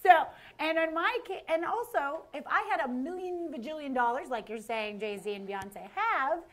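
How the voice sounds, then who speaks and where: A woman's voice: high-pitched, animated, moderate pace. A young woman co-hosting a comedic topical show, playful and mock-serious in her banter. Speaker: co-host.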